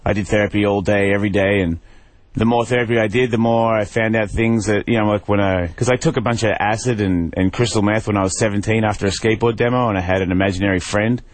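A man as a radio guest, talking candidly in a rambling, halting way with many restarts. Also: lowish voice, steady tone, no echo. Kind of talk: candid interview talk.

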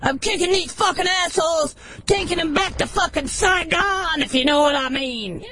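Unhinged male scorpion caller with a very high voice, manic and profane, heard over a noisy line. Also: normal speed. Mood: manic ranting. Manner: profane, manic, shouting, stammering. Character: deranged male scorpion, unhinged war-veteran ranting.

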